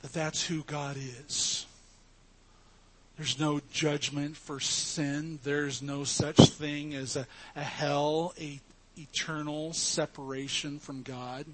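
A man's voice: fairly high pitch, little pitch movement, slow, slight background noise. A man preaching a sermon to his congregation, emphatic and earnest as he teaches from scripture. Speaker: pastor.

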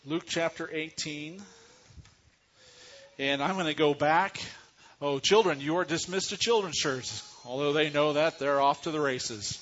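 A man preaching a sermon as pastor into a microphone, earnest and unhurried, pausing often between phrases. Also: fairly high pitch, a bit bright, dull audio. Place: church sanctuary. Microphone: microphone on a stand or handheld.

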